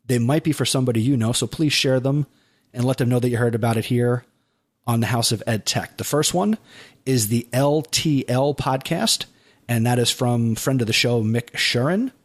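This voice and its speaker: A man hosting a podcast in casual chat, who slows down to spell out web addresses. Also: mid-range voice. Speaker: podcast host.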